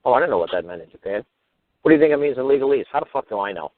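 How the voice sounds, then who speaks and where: A man's voice: medium pitch, lively intonation, racing, dry recording. A man hosting a radio talk show, ranting with crude, mocking, swear-filled talk. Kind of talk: profane ranting monologue. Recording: tinny phone-line radio audio.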